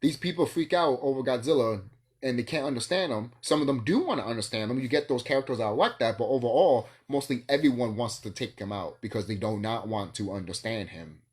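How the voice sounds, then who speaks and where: A man's voice: mid-range voice, lively intonation, a little fast. A man vlogging in a rambling solo monologue, ranting and swearing, with bursts of laughter.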